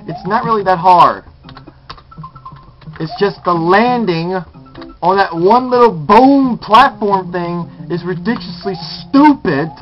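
A man's voice: high voice, lively intonation, a little slow. Cursing, exasperated young-sounding gamer man. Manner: cursing, exasperated, muttering to himself. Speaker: gameplay commentator. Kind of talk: frustrated let's play commentary. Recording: dull lo-fi capture with loud guitar music. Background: guitar music.

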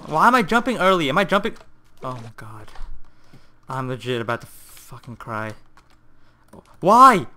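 A young man hosting a gaming video, giving excitable live commentary with frequent swearing and bursts of frustrated yelling. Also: a little high.

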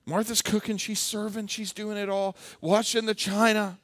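A male pastor preaching a sermon with animated, humorous storytelling. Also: high voice, normal speed, no room sound, studio quality.

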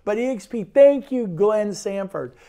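A man's voice: sits high, lively intonation, unhurried, warm tone. A man who works as a real estate broker, giving an enthusiastic, rambling sales talk about his brokerage. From Sacramento, California. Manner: enthusiastic, rambling, repeats phrases.

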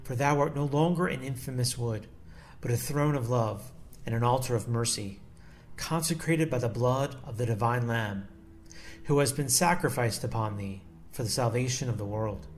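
A man reading aloud the lines of a grieving holy mother in a solemn, measured devotional style with archaic phrasing. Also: medium pitch, a little hiss or hum, close to an everyday voice. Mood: reverent. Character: sorrowing mother of Jesus, grieving woman.

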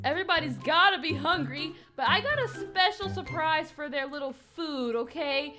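A woman narrating a game roleplay in a playful, dramatic, mischievous way. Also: very high voice. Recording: clear background music under voice. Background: background music.

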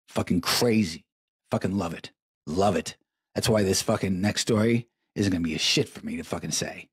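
A man's voice: low-pitched, normal speed, slightly rough, no echo, studio quality. A middle-aged man hosting a live show, telling crude stories in a profane, rambling way and repeating his words for emphasis, while stoned. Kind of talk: crude stream-of-consciousness storytelling.

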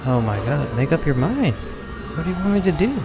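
A man's voice: on the high side, very animated, a little fast, loud music behind the voice. A young man streaming a game, thinking aloud in casual commentary and poking fun at himself. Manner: musing, thinking aloud, self-mocking.

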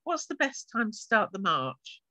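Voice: medium pitch, very animated, unhurried, bright, forceful tone, no room sound, low-quality recording. An author reading an extract from her own science fiction novel aloud, giving the characters light changes of voice.

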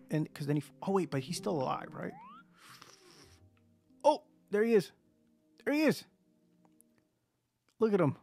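A man casually commentating as he plays a video game on a livestream, joking around and greeting viewers. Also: high-pitched. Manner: goofy, joking, chatting to viewers. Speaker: streamer.

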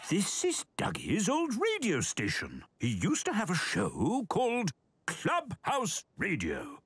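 A man narrating a children's cartoon as a gently amused storyteller. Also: sits high, huge pitch swings, takes it slowly, breathy edge, no room sound, clean studio sound.

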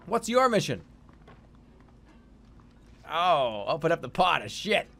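A man streaming a video game live, reacting excitably with lots of swearing and laughter. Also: on the high side, slow pace, creaky, soft background music. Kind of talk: live gaming commentary.

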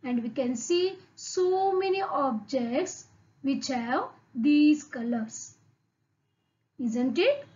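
Teaching young kids English over the internet, this woman has an Indian English accent and a high, expressive, mellow voice that moves extremely slowly. The sound is lo-fi. As a primary school English teacher, she goes through words one by one and asks the class question after question.

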